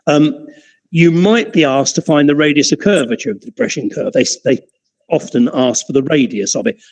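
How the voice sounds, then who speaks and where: A man's voice: a little high, moderate pace, vocal fry, rough recording. A man teaching an optics class in an informal, chatty way, often digressing and restarting his sentences. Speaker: optics lecturer.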